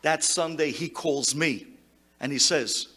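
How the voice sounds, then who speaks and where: A man speaks as a rabbi at a memorial gathering. His voice sits high and sounds bright and forceful. He drops Hebrew words into his English and moves from loud, emphatic lines to quiet, hushed ones. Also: slow. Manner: impassioned, swinging from loud exclamations to hushed tones. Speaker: rabbi giving a eulogy.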